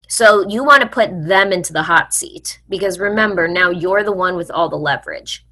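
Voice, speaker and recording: A woman's voice: fairly low pitch, moderate pace, hardly any pauses, sharp tone. Frank, chatty woman giving money advice. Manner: frank and chatty, addresses viewers as friends; frequent "like" fillers, blunt mild profanity. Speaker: personal finance host. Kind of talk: casual advice talk to camera.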